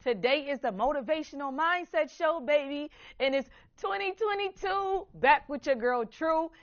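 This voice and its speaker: A woman from Buffalo, New York, hosting a motivational talk show, talking in an animated, preachy way and calling the audience "baby.". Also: high voice, moderate pace, lo-fi sound. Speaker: host.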